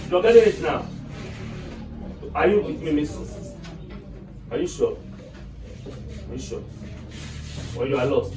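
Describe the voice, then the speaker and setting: A high-voiced Nigerian man teaches an English class, pausing often to make sure his students are following. He's expressive and unhurried, with music underneath, and the mic sits far off in an echoey room, so the sound is roomy and distant rather than close and dry.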